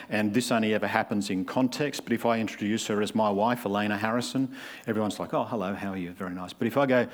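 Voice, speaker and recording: A man, preaching a sermon in a conversational way and acting out the people he describes. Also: fairly low pitch. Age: 50s. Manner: conversational, acts out quoted voices.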